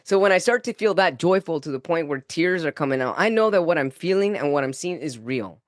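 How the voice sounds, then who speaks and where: A man on a podcast shares an earnest spiritual story, his voice set a little high for a man. He acts out his own thoughts with lively swings and laughs easily. The sound is close and dry. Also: fairly quick, no echo. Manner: animated, reenacts his own inner dialogue. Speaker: guest spiritual channeler.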